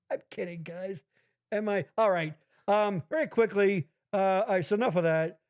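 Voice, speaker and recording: A man hosting a podcast in casual chat, loud and profane, riffing and joking. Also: high-pitched, moderate pace, smooth, dull audio. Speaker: podcast host.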